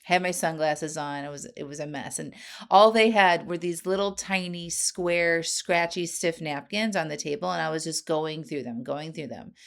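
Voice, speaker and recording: Animated woman podcast host, lowish voice. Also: normal speed, vocal fry. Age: 40s. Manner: animated and earnest, with frequent laughs and "right?" asides. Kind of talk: personal storytelling monologue.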